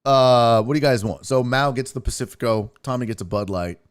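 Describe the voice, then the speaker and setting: This young podcast host has a mid-range voice and clean tone and talks fairly quickly. He tells road-trip stories in a profane, animated, casual way, acting out what others said.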